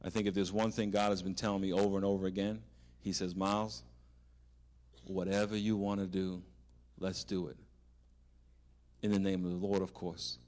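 A man preaching as a pastor, swinging from loud animated exhortation to a hushed prayer. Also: deep voice, moderate pace. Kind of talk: sermon.

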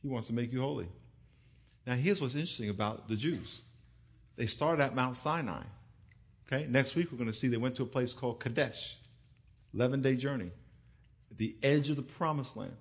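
A middle-aged male pastor preaching a sermon in an animated, humorous way, calling on the congregation to answer back. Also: mid-range voice, brisk, pauses often, slightly rough.

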